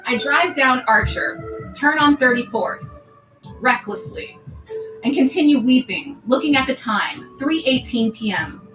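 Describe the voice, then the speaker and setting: A woman's voice: sits high, lively intonation, unhurried. A woman livestreaming as she reads her diary aloud, stopping for asides and laughing often between lines. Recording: roomy echo, faint music behind.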